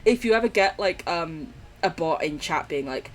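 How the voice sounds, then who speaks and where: A young woman streams a game and chats loosely, rambling, swearing freely and letting out sudden squeals. Her voice is lowish and expressive, and she talks briskly with few pauses.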